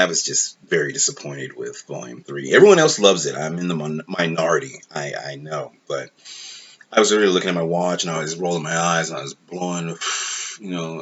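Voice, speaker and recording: A man's voice: extremely low pitch, a bit bright, husky. A man hosting his own channel, reviewing a film in a casual, rambling way, full of fillers and frustration. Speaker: movie review host. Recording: dull lo-fi recording.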